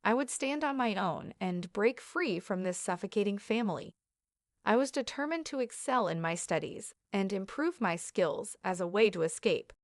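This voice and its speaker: A woman narrating a personal family story in the first person, in an even, measured way. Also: mid-range voice, no room sound, clean studio sound.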